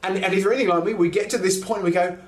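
A man preaching a sermon in a conversational storytelling way, slowing down to press key lines. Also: high-pitched, steady tone. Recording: roomy echo.

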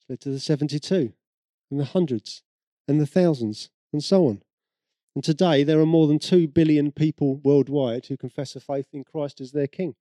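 Speaking with a British accent, a preacher tells everyday stories conversationally during a sermon, acting out the people he quotes. His slightly high voice has a dark tone, and the recording is dry and studio quality.

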